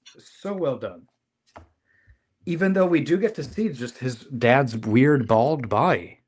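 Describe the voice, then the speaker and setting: Podcast co-host man, middle pitch, enthusiastic but deadpan, loose conversational delivery. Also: unhurried, breathy edge. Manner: enthusiastic, deadpan jokes, trailing restarts. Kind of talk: casual comic book chat.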